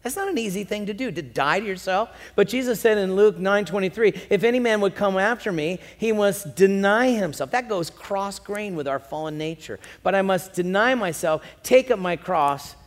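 A male pastor delivers an animated sermon, rising to loud, drawn-out emphasis and then sinking low and quiet. His voice sits a little high for a man. The sound carries a long reverb, as in a large church sanctuary. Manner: animated preaching, swings between loud emphasis and quiet lows.

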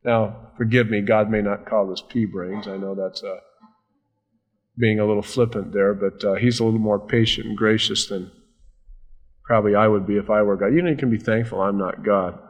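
A man's voice: fairly low pitch, steady tone. Emphatic male preacher. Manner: emphatic, slows down to stress key words. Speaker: pastor. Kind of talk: sermon.

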